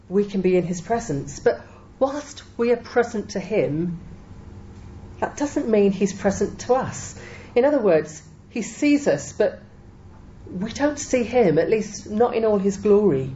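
A woman's voice: mid-range voice, lively intonation, unhurried, dark tone. A woman preaching a sermon, teaching measuredly and with emphasis, often quoting scripture. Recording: dull lo-fi recording with faint noise.

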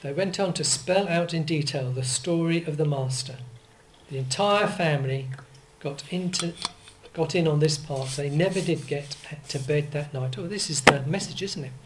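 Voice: mid-range voice, moderate pace, a little hiss or hum, poor audio. Older preacher, rambling sermon. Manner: conversational and digressive, with asides and self-corrections.

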